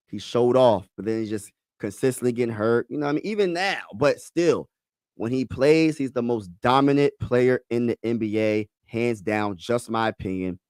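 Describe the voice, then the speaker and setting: A man hosting a casual sports commentary video, excitable and talking straight to his viewers with shout-outs. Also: mid-range voice, clear, resonant tone, no room sound, clean studio sound. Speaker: sports vlogger host.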